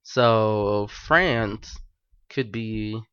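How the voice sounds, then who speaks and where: A man speaking slowly in a casual podcast chat, his voice bright and smooth. He mostly gives short replies and laughs often. The sound is dry and somewhat lo-fi. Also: fairly low pitch, no echo.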